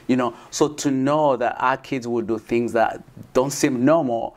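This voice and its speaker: A man talking as an interview guest, earnest and halting, with many restarts and "you know". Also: mid-range voice, fairly even intonation. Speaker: guest, foster parent. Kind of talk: conversational interview.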